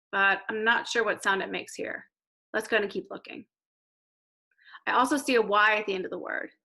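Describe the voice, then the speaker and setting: A woman teacher giving a recorded reading lesson to young children, slowly sounding out letters and words. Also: medium pitch, pushed and bright, poor audio. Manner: slow, clear modelling of letter sounds.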